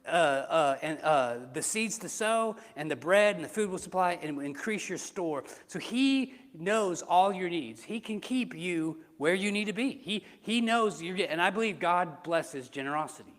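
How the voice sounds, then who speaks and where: Pastor, male, slightly high voice; casual sermon delivery with rhetorical questions, reverberant sanctuary. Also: lively intonation, moderate pace, hardly any pauses, a bit bright. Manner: conversational preaching with rhetorical questions. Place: church sanctuary. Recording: reverberant church hall.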